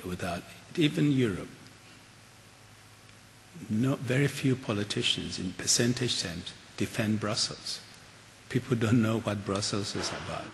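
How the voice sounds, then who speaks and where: An older man speaks in a very low voice, earnest and measured, often restarting his sentences. He is recorded in a large auditorium, so his voice carries a long reverb. A faint hiss sits under it. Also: gravelly, fairly bright tone. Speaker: keynote speaker. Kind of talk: lecture and audience Q&A.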